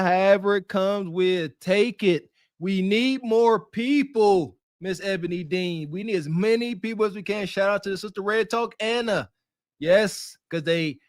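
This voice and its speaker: A man co-hosting a podcast, reacting to clips with animated, slangy hype. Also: high voice, dry recording, studio quality. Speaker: podcast co-host. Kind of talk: casual podcast commentary.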